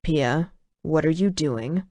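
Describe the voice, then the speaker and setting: A woman voicing a commanding male dragon lord who speaks in a quiet, controlled way. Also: low-pitched, slow pace, no echo, pitched below the performer's own voice. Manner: quiet, controlled, turns coaxing.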